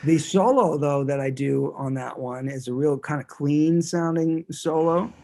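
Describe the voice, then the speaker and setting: A man's voice: fairly high pitch, a little slow, dark tone. Rambling man in a casual interview. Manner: rambling, many restarts. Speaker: guest musician.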